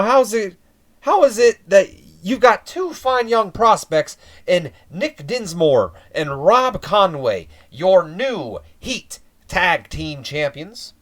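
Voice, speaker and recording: A man putting on a to play a belligerent male wrestling manager, shouting and ranting at a crowd. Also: high voice, pitched above the performer's own voice, heavily acted. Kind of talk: mock wrestling promo.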